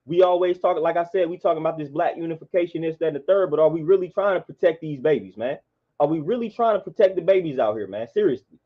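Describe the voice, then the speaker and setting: A man's voice: fairly high pitch, expressive, fast. A man, delivering an impassioned monologue in a preachy, repetitive, emphatic way. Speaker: vlogger. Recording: dull lo-fi sound.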